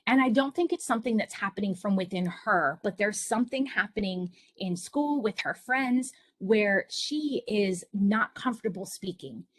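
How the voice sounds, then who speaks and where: Husky-voiced woman presenting to parents. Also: medium pitch, lively intonation, normal speed, hardly any pauses, no room sound. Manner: personal storytelling, earnest and encouraging. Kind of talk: online presentation for families.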